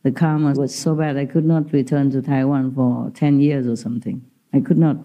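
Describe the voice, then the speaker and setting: A woman's voice: very deep voice, fairly even intonation, normal speed, mellow. A woman talking as a spiritual teacher, telling stories casually with frequent laughter in non-native English grammar. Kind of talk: casual storytelling talk.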